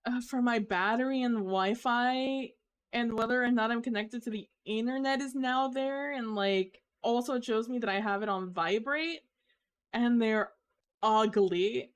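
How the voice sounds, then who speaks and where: Slow-talking woman complaining dramatically. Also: a little high, clean tone. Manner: exasperated, dramatic complaining with drawn-out groans. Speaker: streamer. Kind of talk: casual live-stream chat.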